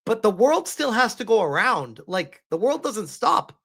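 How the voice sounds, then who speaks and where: A man's voice: high voice, very animated, normal speed, vocal fry, sharp tone, husky. A man commenting live on a stream, emotional and rambling, often restarting his sentences.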